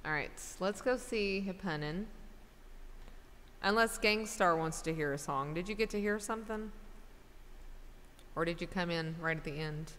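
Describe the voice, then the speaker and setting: A woman's voice: on the low side, normal speed, pauses often, a bit bright, in a large hall, a little hiss or hum. A middle-aged woman chatting casually with her livestream viewers, rambling from one thought to the next. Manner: rambling, chatty, talks to chat directly. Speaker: livestreamer and singer. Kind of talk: casual stream chat.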